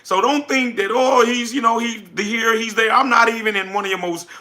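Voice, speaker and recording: A man from South Louisiana with a Southern accent, hosting a casual livestream and answering chat with energetic, repetitive, preacher-like emphasis. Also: extremely high pitch, a little fast. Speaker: livestream host, business coach.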